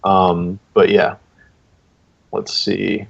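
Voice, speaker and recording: A man's voice: sits low, monotone, extremely slow, vocal fry. A man acting as guest judge, giving casual, rambling critique of comic entries on a livestream over a video call. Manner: rambling, filler-heavy feedback. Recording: dull lo-fi stream audio.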